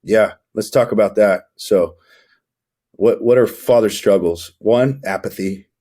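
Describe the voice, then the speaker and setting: A man's voice: fairly low pitch, a little slow, warm tone. A young man coaching fathers as a podcast guest, talking emphatically and preachily. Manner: emphatic, preachy, acts out scenes. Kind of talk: motivational interview talk.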